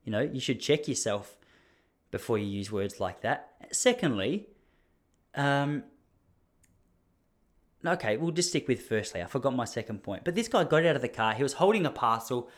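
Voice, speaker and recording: A man's voice: moderate pace, pauses often. A young Australian man telling a story in a casual, mock-indignant monologue. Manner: animated, mock-indignant, jumps up high when acting out others.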